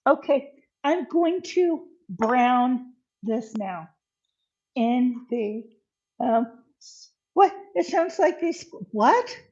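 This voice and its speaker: A woman's voice: fairly high pitch, animated, very slow, long pauses, a little mellow, highs cut off. An older woman hosting a live cooking stream from her home kitchen, chatting casually to viewers with lots of ums as she cooks. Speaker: livestream cooking host.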